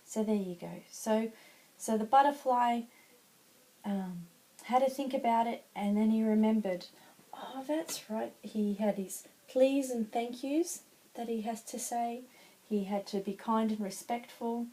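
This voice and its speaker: A woman narrating a children's story she makes up as she goes, in a halting way. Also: a little high, dark tone, poor audio.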